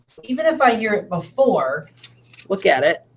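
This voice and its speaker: A woman's voice: medium pitch, big pitch swings, normal speed, slightly rough. A woman teacher giving a recorded video lesson, explaining each step patiently and checking in with questions to her listeners. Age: adult parent.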